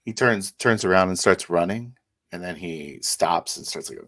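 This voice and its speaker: A man's voice: low voice, moderate pace, fairly bright tone, no room sound. A man narrating as game master, describing scenes vividly.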